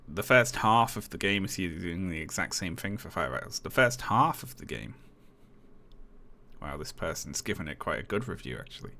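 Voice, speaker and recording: A man's voice: low-pitched, a little fast, hardly any pauses, sharp tone, slight background noise. A man streaming live, chatting casually, chuckling and reading on-screen text aloud with dry remarks.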